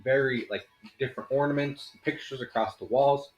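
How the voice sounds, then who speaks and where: A man's voice: medium pitch, moderate pace, roomy sound, dull audio. A man running a tabletop game as game master, describing scenes in a loose, rambling way full of fillers.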